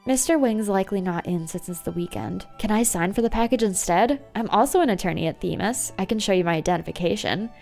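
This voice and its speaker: A woman's voice: medium pitch, lively intonation, fast talker, gravelly, hardly any pauses, darkish tone, faint music behind. A woman voicing a polite, earnest young female attorney in a dating game.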